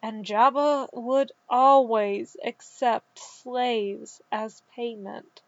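A woman reading a story aloud in a calm, measured way. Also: fairly high pitch, no echo. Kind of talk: scripted narration. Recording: dull, dry recording.

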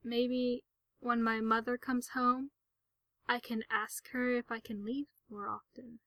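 A woman voicing a sickly, eager young boy in a storybook reading, speaking softly and earnestly. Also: fairly high pitch, level tone, takes it slowly, no echo, heavily acted. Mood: hopeful.

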